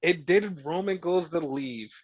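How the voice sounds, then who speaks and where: Guy rambling excitedly on a podcast, kinda high voice, dry dull mic. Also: measured pace, slightly rough, dry recording. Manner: excited, rambling with many "like" fillers. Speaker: podcast host. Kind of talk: casual wrestling recap chat. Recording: dull lo-fi sound.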